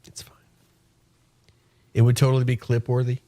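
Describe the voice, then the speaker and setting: A man's voice: mid-range voice, completely flat delivery, moderate pace, warm tone, no echo. A man live-streaming a game and chatting casually, giddy and emotional, laughing often. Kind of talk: casual chat while gaming. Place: home.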